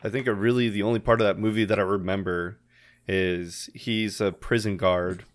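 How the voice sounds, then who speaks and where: A man's voice: on the low side, fairly even intonation, normal speed. A man co-hosting a podcast, chatting casually and rambling through movie scenes, often laughing as he retells them. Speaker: podcast co-host. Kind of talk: casual chat.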